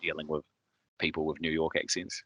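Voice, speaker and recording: A man's voice: extremely low pitch, monotone, a little fast, bright, forceful tone, no echo. A man with a Southern New Zealand accent, hosting a podcast in casual chat, hesitant, with many fillers and restarts. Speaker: podcast host.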